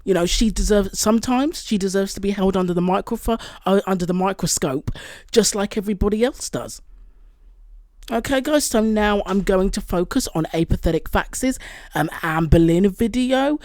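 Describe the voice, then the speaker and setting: A woman's voice: medium pitch, moderate pace, a little mellow, dry recording, clean studio sound. A woman hosting a reaction channel, talking casually with lots of fillers and exasperated asides. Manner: exasperated, rambling with many fillers. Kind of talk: casual commentary.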